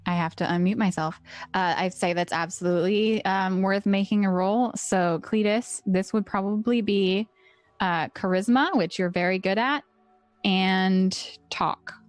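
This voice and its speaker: A woman running a tabletop game as game master, explaining rules in a relaxed, chatty way. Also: mid-range voice, unhurried, dry recording, soft background music.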